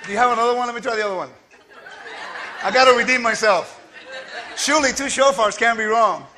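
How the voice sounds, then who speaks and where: A man giving a quick, scattered and playful teaching to a congregation, joking with the listeners as he goes. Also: extremely high pitch, a crowd in the background, noisy background. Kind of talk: lively spoken teaching.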